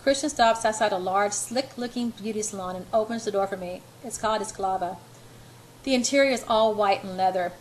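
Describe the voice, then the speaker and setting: A woman's voice: mid-range voice, brisk, slight background noise, low-quality recording. A woman narrating an amateur audiobook in the first person, earnest, with occasional stumbles.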